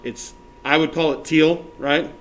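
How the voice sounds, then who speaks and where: A male teacher giving a classroom software lesson step by step, often checking that everyone is following and counting options aloud. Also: on the high side, fairly even intonation, measured pace, slight background noise.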